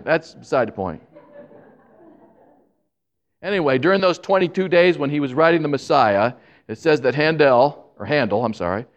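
A man preaching a sermon, animated and joking with the congregation, who admits he talks fast when excited. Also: a little high. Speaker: pastor.

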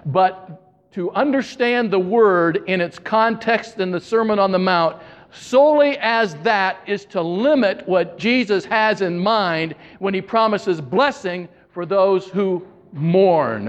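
A male pastor delivers a sermon in a church, moving from wry, joking storytelling to slow, earnest reflection. His voice sits high for a man. A long hall reverb trails every phrase. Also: highs cut off. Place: church sanctuary.

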